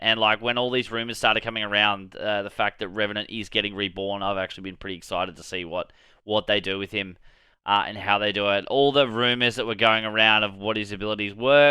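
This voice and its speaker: Excitable gaming host with a bright, clear voice. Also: male voice, lowish voice, a little fast, no room sound. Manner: excitable, rambling, swears casually. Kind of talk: casual commentary on a game reveal.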